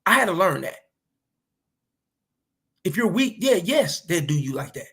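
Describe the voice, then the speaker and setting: Gravelly, blunt man lecturing the fellas. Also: sits high, big pitch swings, a little slow, a bit bright. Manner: blunt, profane, preachy advice to men. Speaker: commentary vlogger. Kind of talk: casual reaction commentary.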